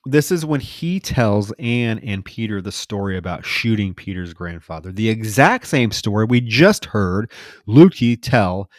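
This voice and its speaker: A man's voice: fairly low pitch, big pitch swings, a little slow, no room sound, clean studio sound. A man co-hosting a podcast, recapping a film in casual, profane, wry storytelling and acting out its characters' lines. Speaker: podcast co-host. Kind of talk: casual movie recap chat.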